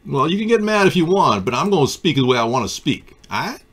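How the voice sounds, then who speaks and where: A male live stream host chats casually about politics, answering viewers in a sardonic, riffing way. His pitch swings around freely as he talks. Typing on a keyboard can be heard near him. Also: very animated, quick pace, a bit bright. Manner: sardonic, riffs off viewer comments.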